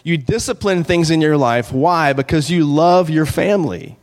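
A man preaching a sermon as pastor, in an earnest, conversational way, slowing down to read scripture. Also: fairly high pitch. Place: church sanctuary. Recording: long hall reverb.

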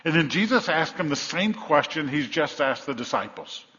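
Male preacher, slightly high, bright storytelling delivery; dull recording with long church reverb. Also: lively intonation, normal speed. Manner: storytelling, acts out voices of the crowd. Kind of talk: sermon.

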